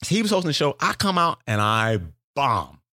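A man telling a profane story in a loose, animated way, jumping up in pitch to act out the people in it. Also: normal speed, dry recording, studio quality. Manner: animated, profane, acts out quotes with big pitch jumps. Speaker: comedian telling a story as a podcast guest. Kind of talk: casual storytelling.

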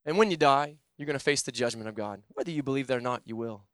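A young man preaching a sermon and telling his own conversion story, swinging between loud urgent pleading and low, quiet intensity. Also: fast, dry recording, studio quality. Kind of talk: sermon with personal testimony.

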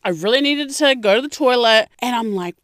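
A woman's voice: brisk, no echo, clean studio sound. Brash swearing young woman. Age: young adult. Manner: brash, swearing constantly, animated with sudden high outbursts. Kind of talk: profane storytelling rant to camera.

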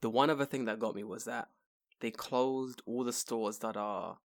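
A man's voice: medium pitch, normal speed. A young man in casual chat, telling stories with lots of swearing and acting out other people's voices. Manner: animated, profane, acts out voices.

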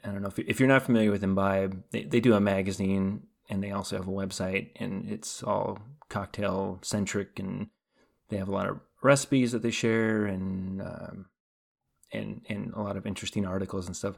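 A man's voice: fairly low pitch, level tone, normal speed, gravelly. A man co-hosting a podcast, talking casually and rambling with many fillers and restarts. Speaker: podcast co-host. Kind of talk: casual chat.

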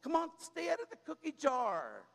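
A man's voice: very high voice, huge pitch swings, normal speed, creaky, fairly bright tone, in a large hall. A man preaching a sermon as pastor, in a conversational style that mixes personal stories with humor and keeps asking "right?" and "come on.".

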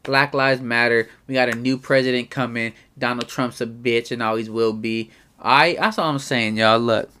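A man's voice: medium pitch, fairly even intonation, moderate pace, sharp tone, clear, resonant tone. A man hosts a solo podcast episode and talks straight at his listeners. He rants bluntly in a rambling, profane way, loose and unscripted. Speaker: podcast host. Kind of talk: casual solo podcast rant.

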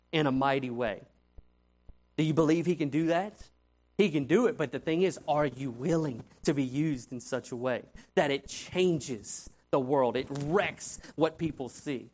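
Man, youth pastor, lively storytelling sermon, voice on the higher side. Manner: animated storytelling, frequent "right?" asides. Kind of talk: conversational sermon.

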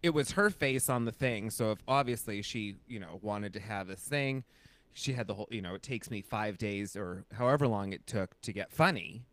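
A man's voice: fairly low pitch, moderate pace, a bit bright, dry recording. A man co-hosting a podcast in casual chat, rambling and full of fillers. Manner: chatty, rambling with many fillers. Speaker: podcast co-host.

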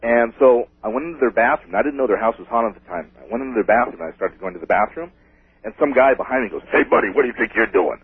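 A man calling in to a radio show, telling a ghost story in an excitable, rambling way. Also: medium pitch, fast, breathy edge, dry recording. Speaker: caller. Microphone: telephone. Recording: tinny phone line.

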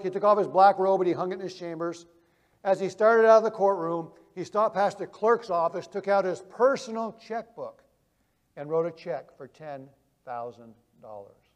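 A male preacher telling vivid illustrations, swinging from loud emphasis to hushed quiet. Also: high-pitched, long reverb tail. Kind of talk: sermon.

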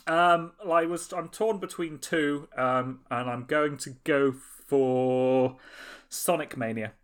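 A man's voice: fairly high pitch, slow pace, clear, resonant tone. A man talking earnestly and a bit hesitantly, with restarts, in casual podcast banter with friends. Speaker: podcast co-host.

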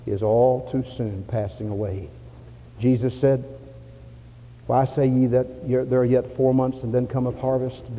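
A man preaching a sermon in a church, in an old-fashioned revival cadence, rising to loud fervent cries and dropping to soft pleas. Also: mid-range voice, long reverb tail, poor audio. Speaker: pastor. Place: church sanctuary.

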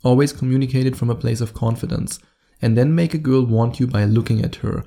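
Gravelly German-accented podcast coach. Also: male voice, medium pitch, fairly even intonation, a little fast, warm tone. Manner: direct, coaching, addresses the listener. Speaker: dating coach and podcast host. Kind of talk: solo podcast monologue.

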